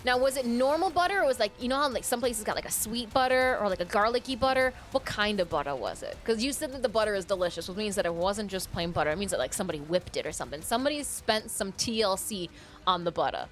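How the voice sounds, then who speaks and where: A woman's voice: medium pitch, animated, fast talker, a bit bright. A woman from Michigan streaming a game, chatting playfully with her viewers and reading out their names. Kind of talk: casual live-stream chat. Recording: faint game music behind.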